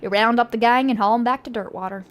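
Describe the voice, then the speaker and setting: A woman's voice: fairly high pitch, fast talker. A woman streaming a game, reading its text aloud and joking sarcastically with chat. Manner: playful, sarcastic, laughs often.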